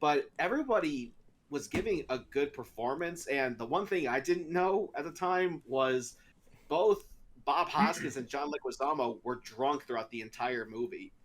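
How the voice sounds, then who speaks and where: A man in casual podcast chat, mid-pitched and ordinary in tone, who keeps circling his point with "uh" and "like". He rambles and restarts sentences as he goes. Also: moderate pace, fairly bright tone, a little hiss or hum. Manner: rambling, hesitant with many fillers. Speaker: podcast co-host.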